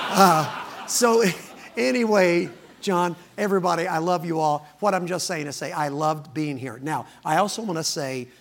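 A middle-aged man, preaching as a guest and joking with the congregation. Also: a little high. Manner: folksy, joking, laughing between lines. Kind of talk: sermon with joking opening remarks.

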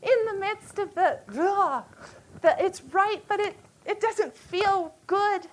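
A woman in her forties with a notably high voice leads a retreat session. She speaks earnestly, often breaking off and restarting her sentences as she works through a thought. When she tells her stories, her voice carries real emotion. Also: low-quality recording. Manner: earnest, halting, emotional storytelling. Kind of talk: women's retreat teaching.

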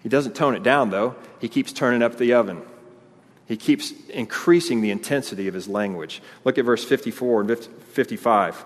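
A pastor, preaching an animated sermon and acting out the crowd's voices. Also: male voice, medium pitch, moderate pace. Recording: long hall reverb.

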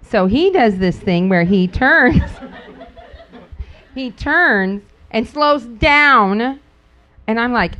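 A middle-aged woman speaking casually to a group, telling stories with frequent laughter and acting out quotes in sudden high squeals. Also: expressive, very slow, a bit bright. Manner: laughs often while talking. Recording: dull lo-fi recording.

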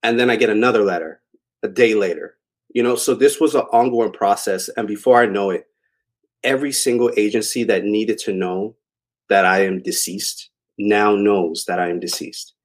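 A man's voice: on the low side, normal speed. A young adult man telling a long personal story in a casual, rambling way, with many fillers. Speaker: interview guest.

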